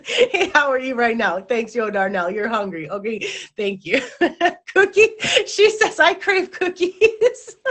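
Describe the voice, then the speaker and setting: A woman hosts a live-stream talk show in a voice on the high side with a fairly bright tone. Chatty and giggly, she trips over her words while reading viewer comments aloud.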